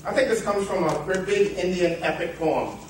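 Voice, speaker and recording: A man's voice: sits high, lively intonation, normal speed, far from the mic, a little hiss or hum. A man giving a motivational seminar talk, telling a parable in a rambling way with playful asides. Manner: rambling storyteller, self-interrupting, playful asides. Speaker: seminar speaker. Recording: echoey hall, picked up from afar.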